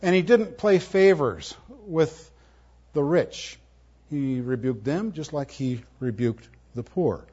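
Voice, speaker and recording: A man preaching a sermon, moving between emphatic, forceful lines and soft, tender ones. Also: fairly high pitch, expressive, slow pace, slightly rough. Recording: muffled, lo-fi audio.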